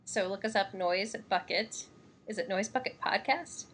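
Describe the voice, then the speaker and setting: Giggly woman from Missouri, bright voice. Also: medium pitch, moderate pace, slight background noise. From Missouri, USA. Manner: giggly, rambling with fillers. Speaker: podcast co-host. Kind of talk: casual chat.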